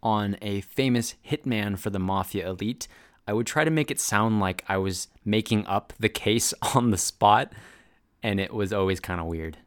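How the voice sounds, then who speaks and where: A man narrates over a recording of his own stage role, looking back on each choice with candid, self-deprecating humor. His voice is lowish and smooth. He speaks as a relaxed voice-over commentator. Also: normal speed, faint music behind. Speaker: actor recalling his stage performance.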